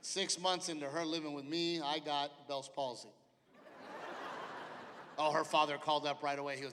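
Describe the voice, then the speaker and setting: A middle-aged man working a live stand-up set, brash and profane, voicing the people in his stories as he goes. His voice sits high for a man. It rings through a big hall with long reverb and the clear noise of the crowd. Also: normal speed, sharp tone. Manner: brash, profane storytelling with acted-out quotes. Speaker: stand-up comedian. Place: large theater stage with a live audience.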